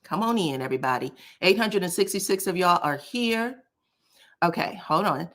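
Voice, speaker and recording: A woman doing casual live-stream commentary, chatty and animated, talking straight to her chat. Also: on the low side, normal speed. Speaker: livestream commentator.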